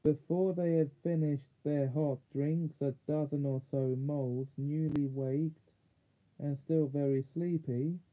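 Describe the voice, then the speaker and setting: A man reading a children's fantasy chapter book aloud in a measured way, now and then correcting small slips. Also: a little high, steady tone. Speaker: audiobook reader. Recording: tinny phone-like sound.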